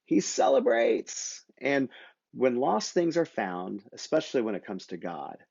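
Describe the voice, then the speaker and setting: A man teaching a children's Bible lesson, talking gently and playfully to the kids and acting the story out with toys. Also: medium pitch, sing-song, moderate pace, vocal fry, slightly rough, dull audio. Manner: puts on simple voices for toy figures. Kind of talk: kids' Bible lesson with toy puppets.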